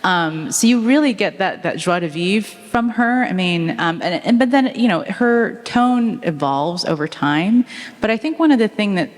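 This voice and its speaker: A woman author answering questions onstage at a public talk, telling stories in a chatty, animated way with frequent ums. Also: mid-range voice, moderate pace. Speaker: author guest at a book talk. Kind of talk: conversational onstage interview. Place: public talk at a museum event. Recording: echoey hall reverb.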